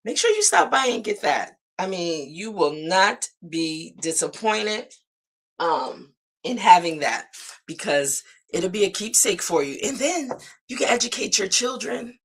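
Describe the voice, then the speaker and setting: A woman's voice: mid-range voice, sing-song, unhurried, slightly rough. A middle-aged woman hosting a live morning stream, chatty and encouraging, calling her viewers "guys". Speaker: host of a live morning show. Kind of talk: upbeat live-stream sign-off.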